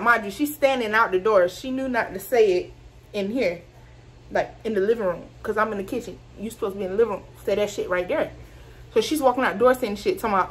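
A woman, telling a casual, animated storytime full of swearing and laughter. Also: a little high, normal speed. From Georgia, US. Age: 20s. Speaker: vlogger.

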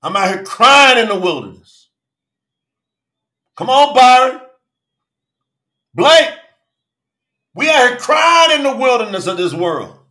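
A man preaches a fervent livestream sermon in a high, lively voice that swoops up and down. He often shouts and calls out his viewers by name. His bright voice carries a roomy echo. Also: slow pace, long pauses. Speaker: preacher and channel host.

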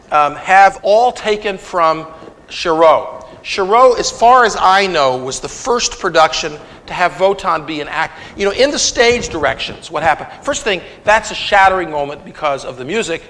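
A man giving a conversational lecture to an audience, animated and retelling scenes with quoted dialogue. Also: on the high side. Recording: long reverb of a lecture hall.

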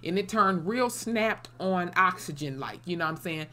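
A woman's voice: on the low side, animated, moderate pace, pushed and bright. A woman casually recapping a TV episode, blunt and salty, with many "you know" fillers. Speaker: TV episode reviewer.

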